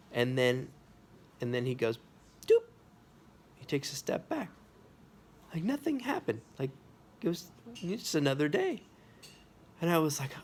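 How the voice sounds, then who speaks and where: Animated man telling a personal story. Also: on the high side, slight background noise. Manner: animated, full of sound effects and asides. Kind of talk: personal anecdote told to camera.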